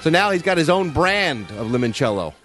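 A man's voice: a little high, big pitch swings, fairly quick, fairly bright tone, soft background music. A man hosting a radio show, reading entertainment news in wry, joking casual banter with frequent laughs.

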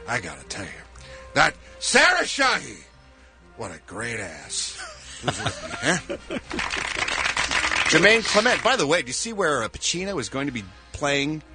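A man's voice: fairly high pitch, wildly swooping pitch, a little slow, pauses often, over music. A man hosting an entertainment news segment on a morning radio show, joking and laughing as he banters. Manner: jokey, playful, laughs often.

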